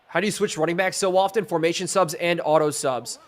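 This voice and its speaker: Giving live play-by-play of a video football game, this streamer and host calls the action like a sportscaster and chats with his viewers. He speaks briskly in a high-pitched voice.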